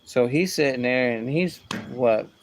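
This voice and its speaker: A man's voice: unhurried, a little hiss or hum. A man telling a casual story, rambling along with asides and restarts. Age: adult with a young son. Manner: rambling, full of asides like "whatever" and "boom".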